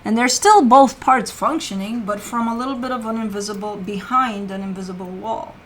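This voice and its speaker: Casual tarot host, woman, bright and slightly high voice, swears freely, faint background noise. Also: fairly quick, rough recording. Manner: swears casually, talks to her pet between cards. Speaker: tarot reader.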